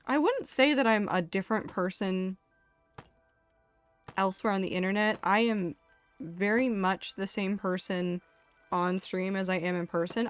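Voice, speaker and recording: A young woman chats candidly on a live stream, casual and sweary, reading out her chat. Her voice sits at a middling pitch. Soft background music runs underneath. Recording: faint music behind.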